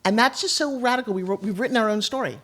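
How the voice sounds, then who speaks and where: Fast-talking older woman, heartfelt. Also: on the high side, fairly bright tone. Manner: fast, heartfelt, tearful at times. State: tearful. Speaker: podcast guest. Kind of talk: emotional casual conversation.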